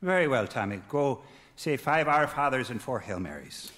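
A man voicing a stern, inquisitive parish priest in a live radio comedy sketch, asking measured, probing questions. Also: medium pitch, expressive, lightly acted. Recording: long hall reverb, loud hiss.

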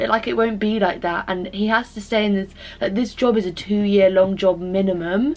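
A young woman in her twenties talking in a rambling, emotional way, full of fillers and casual swearing, as she vlogs while doing her makeup. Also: medium pitch. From England. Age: 20s. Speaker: vlogger.

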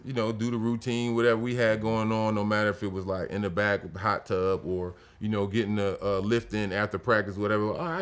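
A man in his forties, a former pro basketball player hosting a podcast, telling stories in a profane, animated way and loudly acting out what people said. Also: fairly low pitch. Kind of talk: casual storytelling chat.

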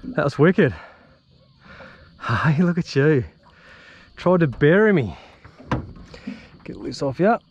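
Excitable Australian man fishing outdoors. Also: a little high, slow pace, long pauses, highs cut off, a little hiss or hum. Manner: excitable, chatty, swears and laughs while fighting fish. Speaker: fishing vlogger. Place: outdoors on the water.

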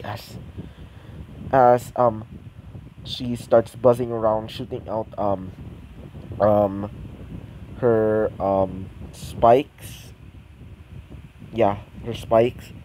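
A man's voice: fairly low pitch, dark tone, a little hiss or hum, rough recording. A man improvising a fan-fiction story, hesitant and full of ums and restarts.

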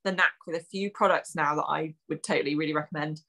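A woman's voice: low-pitched, steady tone, quick pace, fairly bright tone. A young woman co-hosting a rugby podcast, chatting casually with a dry, teasing manner. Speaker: podcast co-host and rugby prop. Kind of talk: casual chat.

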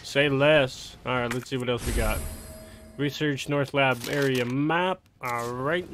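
A man's voice: medium pitch, a bit bright, slight background noise. A young man giving casual let's-play commentary, chatting and swearing freely as he plays. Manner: casual, swears a lot, grows angry and exasperated. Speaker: gameplay commentator.

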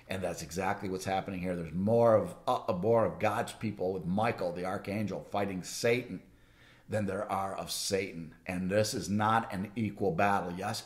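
A man teaching on scripture in a loose, conversational way, with frequent false starts and restarts. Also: on the low side. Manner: rambling, many restarts, conversational. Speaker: Bible teacher. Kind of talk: informal sermon teaching.

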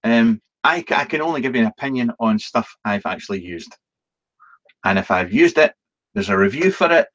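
A vlogger hosting a live Q&A rambles casually at a middling pitch, with lively intonation and a fairly bright tone, stumbling over restarts and ums. He's chatty, self-deprecating and swears at times, and the stream sounds dull and lo-fi.

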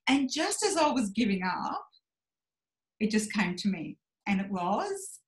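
A woman's voice: mid-range voice, big pitch swings, measured pace. A woman in her forties speaking frankly and reflectively as a podcast guest, acting out her own inner voice as she tells her story. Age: 40s. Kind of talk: candid personal conversation. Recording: roomy echoey sound.

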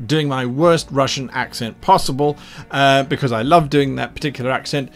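A man's voice: mid-range voice, normal speed. A man, a game master, explaining how he designed a tabletop adventure, rambling with many asides.

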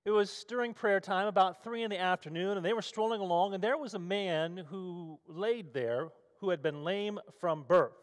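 A man's voice: high voice, moderate pace, few pauses. Man preaching in an echoing hall. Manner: storytelling, vivid scene-setting. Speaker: pastor. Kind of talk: sermon. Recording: long hall reverb.

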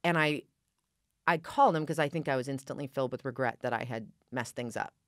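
A woman in her forties recounts a story at a quick clip, lively and theatrical, slipping into the voices of the people she quotes. Her voice is dry and close, with no room sound around it. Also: a bass voice, dry recording. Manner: animated, acts out quoted dialogue. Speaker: guest, actress. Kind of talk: casual interview storytelling.

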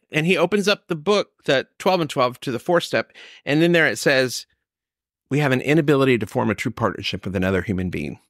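A man's voice: a little high, moderate pace, a bit bright, dry recording, studio quality. A man telling his personal recovery story, acting out the exchanges he quotes. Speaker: recovery speaker.

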